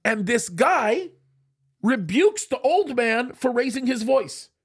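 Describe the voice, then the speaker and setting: A male show host telling a story in a casual studio chat, animated and acting out what people said. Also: very high-pitched, slow, slightly rough. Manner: animated, acts out quoted speech.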